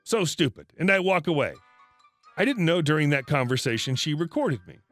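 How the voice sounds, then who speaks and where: Man narrating with a lively, high voice. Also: no echo. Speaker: story narrator. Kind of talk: scripted first-person story narration.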